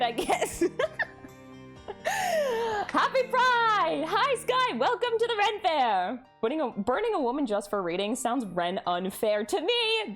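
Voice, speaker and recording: Bubbly high-voiced woman streamer. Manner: bubbly, giggly, reads chat and greets viewers. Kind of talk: casual live stream chat.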